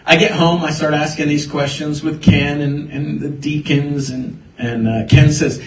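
A man's voice: fairly high pitch, measured pace, few pauses, far from the mic. A man preaching a sermon, telling his own story and quoting the people in it. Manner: storytelling, animated quoting of others. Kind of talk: sermon with personal testimony. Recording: roomy echo, voice from afar.

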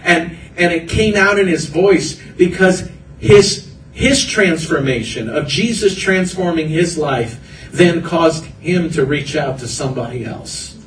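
A man's voice: on the high side, animated, unhurried, echoey room, distant mic, slight background noise, rough recording. A man preaching a sermon as pastor, earnest and building through repeated phrases. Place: church hall.

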